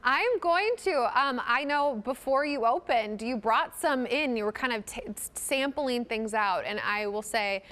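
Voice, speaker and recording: A woman co-hosting a morning TV show, upbeat and warm, chatting and reading entertainment news. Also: fairly high pitch, animated, a little slow, few pauses. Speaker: TV co-host.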